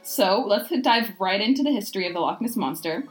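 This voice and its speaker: A woman's voice: mid-range voice, animated, fairly quick, faint music behind, low-quality recording. Rambling American woman podcast host. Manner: rambling, full of "like" and "you know". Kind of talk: casual podcast chat.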